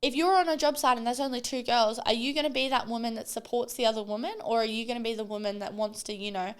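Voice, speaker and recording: A woman's voice: on the high side, fairly even intonation, quick pace, clear, resonant tone. Blunt woman podcasting. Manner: blunt, swears freely, impassioned rallying. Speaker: podcast host. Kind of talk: solo podcast monologue.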